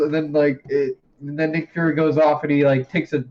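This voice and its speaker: A man's voice: fairly high pitch, fairly even intonation, fairly quick, darkish tone. Rambling profane young man, lo-fi sound. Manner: rambling, profane, laughs often. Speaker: podcast co-host. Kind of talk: casual chat. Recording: dull lo-fi sound.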